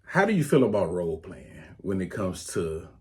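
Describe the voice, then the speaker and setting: A man's voice: low voice, sing-song, normal speed, dark tone. A man co-hosting a podcast in casual chat, giving short agreeing replies and asking the questions. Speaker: podcast co-host.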